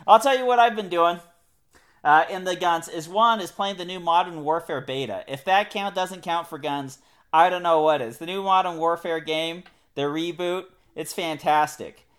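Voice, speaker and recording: A man co-hosting a casual podcast chat, enthusiastic and joking, often trailing off quietly at the ends of sentences. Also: fairly high pitch, normal speed. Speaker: podcast co-host.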